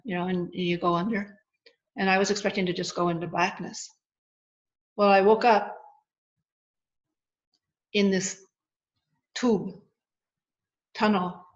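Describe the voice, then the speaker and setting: A woman's voice: medium pitch, dull audio. A woman guest in an interview, telling a personal story earnestly, with lots of restarts and vivid retelling.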